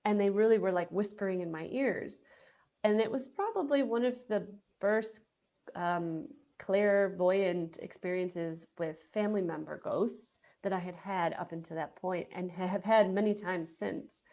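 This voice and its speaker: A woman's voice: mid-range voice, measured pace, warm tone. A woman hosting a show, telling a personal story in a chatty way with lots of "like" fillers. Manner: chatty, heavy use of "like" fillers. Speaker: podcast host.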